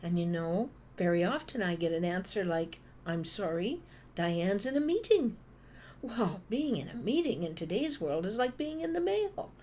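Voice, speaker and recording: A Canadian woman giving a motivational conference talk, telling stories and acting out phone calls in an animated way. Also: mid-range voice, normal speed, hardly any pauses, slight background noise. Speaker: conference speaker.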